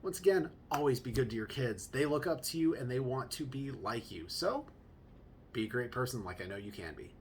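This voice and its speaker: A young man chatting casually as a podcast host, his voice bouncing up and down as he jokes through a story about fatherhood. His pitch sits in a middle register, and a faint low rumble hums in the background. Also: fairly quick. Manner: animated, joking, chatty asides.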